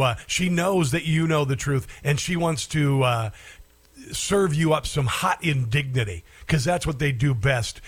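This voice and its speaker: Sarcastic rambling male talk show host. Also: fairly high pitch. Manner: sarcastic, rambling with stumbles and fillers. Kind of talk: opinion talk radio monologue.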